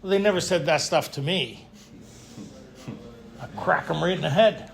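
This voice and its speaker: High-voiced man telling rough-edged recovery stories. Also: moderate pace, a loud crowd. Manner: lively storytelling, frequent rhetorical "right?"; blunt, joking tough-guy humor. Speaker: retreat speaker. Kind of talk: recovery talk to a live group. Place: retreat meeting room.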